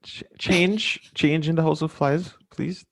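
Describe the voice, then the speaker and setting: A man co-hosting a podcast in casual chat, laid-back and halting, repeating words and swearing casually. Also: a little high, steady tone, gravelly. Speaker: podcast co-host.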